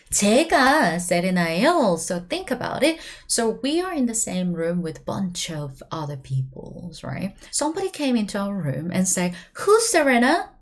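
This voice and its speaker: A woman teacher with a Korean accent explains grammar in a casual video lesson. Her voice sits in a middle pitch but swings up and down a lot as she talks. She keeps checking in with her viewers and fires off quick example phrases. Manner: lively, chatty explaining with frequent "right?" check-ins.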